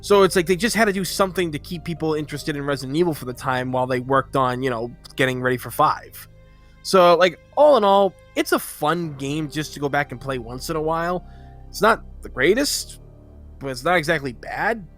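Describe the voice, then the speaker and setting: A man's voice: fairly high pitch, expressive, brisk, fairly bright tone, soft background music. A man co-hosting a podcast in casual chat, rambling through his points. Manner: rambling, with many fillers and restarts. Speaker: podcast co-host.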